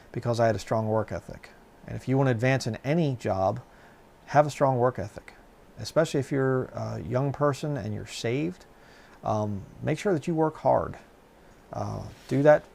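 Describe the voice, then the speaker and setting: A man's voice: medium pitch, gravelly, a little mellow. A middle-aged man telling stories from his past in a casual, rambling way, with many fillers and restarts. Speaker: channel host. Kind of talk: casual personal storytelling.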